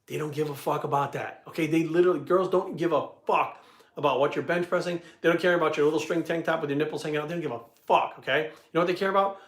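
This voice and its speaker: A blunt man in middle age rattles off swear-laden advice at a fast clip. His voice sits a little high, and the room around him echoes noticeably. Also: steady tone. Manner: blunt, swears constantly, repeats points. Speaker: fitness channel host answering viewer questions. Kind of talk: profane casual advice talk.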